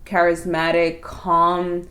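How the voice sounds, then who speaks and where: A woman's voice: fairly low pitch, slow. A woman co-hosting a podcast, telling a story in casual chat and acting out quotes. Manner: animated, acts out quotes. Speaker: podcast co-host.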